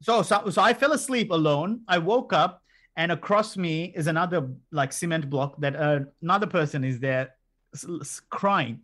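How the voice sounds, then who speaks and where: A middle-aged man telling a story in casual chat. He is animated, swears freely and acts out what other people said. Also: a little high, normal speed. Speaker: podcast guest telling a story.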